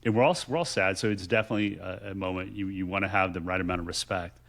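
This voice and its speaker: A man's voice: low voice, fast, vocal fry, a bit bright. A middle-aged man from Texas, co-hosting a casual chat and telling family stories in a reflective way, with many restarts. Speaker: podcast co-host.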